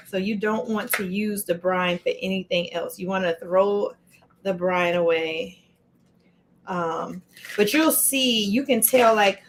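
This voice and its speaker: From her home kitchen, a woman hosts a relaxed live cooking stream, chatting and greeting viewers by name as she chops. Her voice is medium-pitched, with background noise present.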